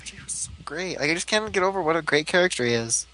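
Enthusiastic male podcast co-host, bright tone, slightly high pitch. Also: animated, fast talker. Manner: enthusiastic, laughing often, acts out quotes. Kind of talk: casual fan chat.

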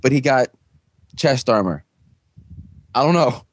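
A man hosting a laid-back podcast and retelling an episode in a loose, rambling way. He fills his talk with "like" and "um" and jumps into quick, higher character voices. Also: animated. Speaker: podcast host recapping a show. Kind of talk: casual recap chat.

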